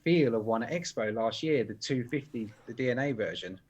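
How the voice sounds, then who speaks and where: Guy, husky, lively up-and-down delivery, relaxed co-host. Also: mid-range voice, a little fast, dull audio. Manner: easygoing, chatty gear talk. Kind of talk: casual live stream chat.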